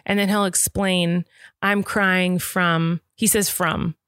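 A young adult woman co-hosting a podcast, talking at length in a chatty, animated way about parenting. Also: fairly low pitch, clean tone, dry recording, clean studio sound. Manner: talkative, animated, quick asides. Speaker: podcast co-host. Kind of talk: casual chat.

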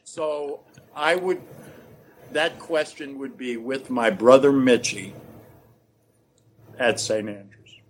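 Animated middle-pitched man telling stories. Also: slow pace, pauses often. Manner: animated storyteller, laughs often. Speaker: guest. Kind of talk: casual chat.

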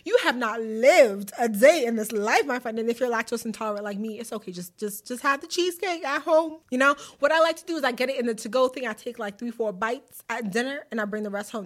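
A woman's voice: a little high, expressive, brisk, hardly any pauses. A young woman hosting a casual solo podcast, chatty and playful with lots of slang. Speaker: podcast host.

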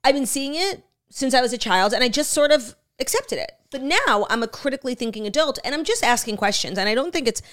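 A woman's voice: high-pitched, lively intonation, fast, hardly any pauses, a bit bright. A woman co-hosting a podcast in casual chat, teasing and questioning things in a mock-serious way. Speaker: podcast co-host.

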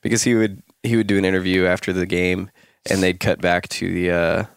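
A man's voice: deep voice, flat delivery, fairly quick, vocal fry, clean tone, dry recording, studio quality. A man co-hosting a casual podcast, teasing the others and laughing a lot. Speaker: podcast co-host. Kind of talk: casual chat.

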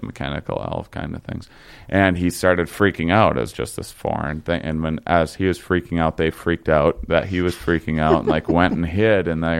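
A young man with a very low, gravelly voice that still comes through smooth and resonant. He tells a long story in a loose, rambling way, full of fillers, restarts and short laughs. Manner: rambling, halting, many fillers and restarts, laughs while telling. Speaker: guest telling a story. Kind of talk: casual storytelling chat.

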